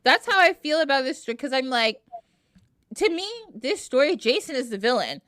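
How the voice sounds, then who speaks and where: A woman retelling a myth in casual, animated storytelling, sprinkled with "like". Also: high voice, moderate pace, no room sound, studio quality. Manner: animated, heavy use of "like". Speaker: podcast guest.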